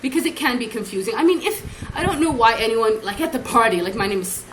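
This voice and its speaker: A woman's voice: fairly high pitch, lively intonation, quick pace. A woman vlogger chatting casually to camera, rambling and losing her thread. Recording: echoey room with clear noise.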